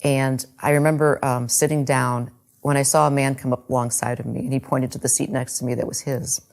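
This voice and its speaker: Woman, middle-aged, deep low voice, gravelly, earnest heartfelt testimony. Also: little pitch movement, a little fast, darkish tone. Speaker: speaker giving a faith testimony. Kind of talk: personal testimony storytelling.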